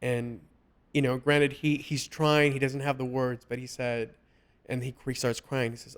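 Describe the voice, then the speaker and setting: A man hosting a casual podcast chat, talking earnestly and haltingly with many restarts. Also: mid-range voice, flat delivery, smooth. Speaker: podcast host.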